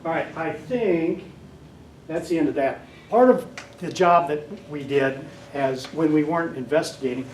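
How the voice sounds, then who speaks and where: A man's voice: fairly high pitch, a little mellow, a little hiss or hum. An older man giving a casual lecture and telling rambling stories. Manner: rambling storyteller, acts out quoted voices. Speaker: guest speaker. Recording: echoey hall from far off.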